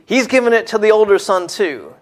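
A man preaching a sermon in an expressive way, dropping to hushed tones and then rising to emphatic points. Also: high-pitched, fairly quick.

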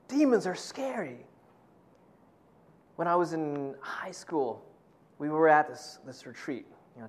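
High-voiced man preaching conversationally. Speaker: pastor. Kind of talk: sermon.

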